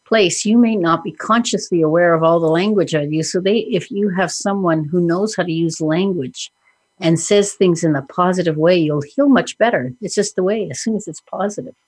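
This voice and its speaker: A woman's voice: on the low side, moderate pace, a little mellow, breathy edge, no echo. A woman hosting a podcast, talking in a casual conversational way and often affirming her co-host.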